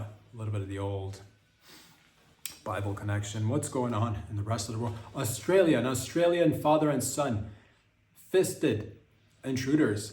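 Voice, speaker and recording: Male comic host, mid-pitched, riffs crude bits with frequent restarts; echoey room sound. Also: darkish tone. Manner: crude, riffing, stumbling restarts. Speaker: podcast host. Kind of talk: rambling comedic monologue. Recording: roomy echo.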